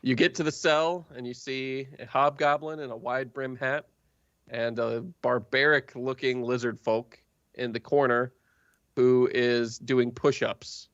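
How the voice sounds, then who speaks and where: A man's voice: medium pitch, steady tone, unhurried, a bit bright, no room sound, lo-fi sound. A man narrating a tabletop game as game master, in a loose, profane, storytelling way.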